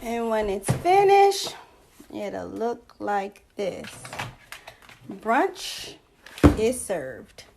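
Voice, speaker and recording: A woman hosting a casual home cooking lesson, chatting through each step in a relaxed way. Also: mid-range voice, extremely slow, vocal fry, pauses often, background noise. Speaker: cooking show host. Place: home kitchen.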